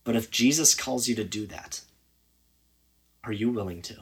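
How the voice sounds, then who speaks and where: A man preaching a sermon, earnest and emphatic, with sudden loud, high bursts when he acts out a scene. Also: moderate pace, breathy edge.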